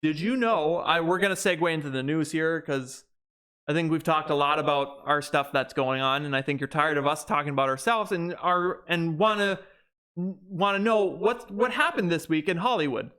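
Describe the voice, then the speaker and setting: A young man co-hosting a podcast speaks at a moderate pace in a fairly high, sharp voice. The conversation is casual, and he rambles and restarts sentences frequently.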